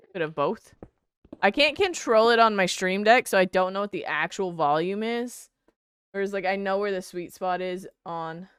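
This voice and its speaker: Young female streamer, low smooth voice, casual chatty banter, close dry mic. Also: a bit bright, no room sound. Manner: reading chat aloud and bantering, swears freely. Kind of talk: casual live-stream chat while gaming.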